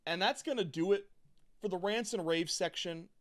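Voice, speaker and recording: A man's voice: high voice, moderate pace, a bit bright. A man co-hosting a casual podcast in an upbeat manner, laughing easily and hyping up what he talks about. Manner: upbeat, laughing, hypes things up. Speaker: podcast co-host. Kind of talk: casual sports chat.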